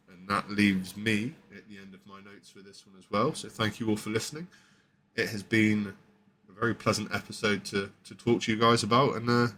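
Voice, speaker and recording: A man's voice: lowish voice, fairly bright tone, a little hiss or hum. A male podcast host giving a casual, rambling recap with many fillers and restarts. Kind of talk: casual wrestling show recap.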